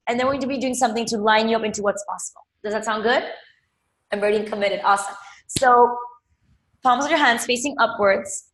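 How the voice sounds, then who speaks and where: A woman's voice: fairly high pitch, fairly even intonation, fast, fairly bright tone, echoey room, a little hiss or hum. A woman leading a live money coaching session, emphatic, repeating phrases and calling viewers by name. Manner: addresses viewers directly by name.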